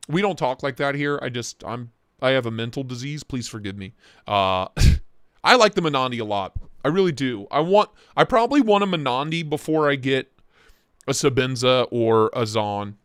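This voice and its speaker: A young man hosting a casual knife livestream from his home office, excitable and joking as he reacts to chat. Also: mid-range voice, moderate pace, clear, resonant tone, no room sound, clean studio sound. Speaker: livestream host reviewing knives. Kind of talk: casual live-stream chat.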